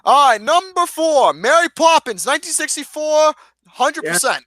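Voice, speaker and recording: A man's voice: very high-pitched, very animated, normal speed, bright, forceful tone, no room sound. A man hosting a casual movie podcast, joking and swearing as he lists films and reads a kids' book aloud mockingly. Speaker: podcast host.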